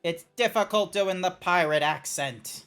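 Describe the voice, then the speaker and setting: A man streaming a video game, chatting casually with an animated, playful manner and exasperated little outbursts. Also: high voice, a little slow, clean tone. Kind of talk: casual gameplay stream chat. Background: faint chill background music.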